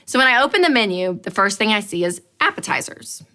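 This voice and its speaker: A woman in her thirties teaching a money course, telling a personal story with lively acted-out quotes. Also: medium pitch, fast talker. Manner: animated storyteller, acts out quotes. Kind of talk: storytelling talk to an audience.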